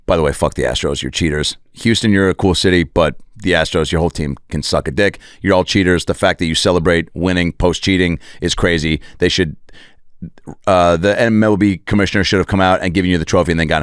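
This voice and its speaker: A man's voice: low voice, a little fast, clear, resonant tone, no echo. A male comedian hosting a podcast, telling a profane, rambling comic story in a podcast studio. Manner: profane, digressive, animated. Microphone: podcast studio microphone.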